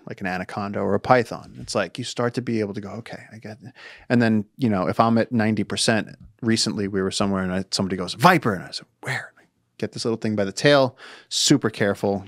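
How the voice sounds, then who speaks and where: A man in his thirties, a podcast guest, telling stories in casual chat, animated and acting out what people say, with casual swearing. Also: on the low side, no echo, clean studio sound. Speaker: podcast guest, wildlife conservationist.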